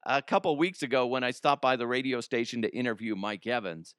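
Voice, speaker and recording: This podcast host talks briskly in a mid-range voice that's fairly bright and clean, recorded dry with studio quality. He rambles casually through comedic material and laughs at his own jokes.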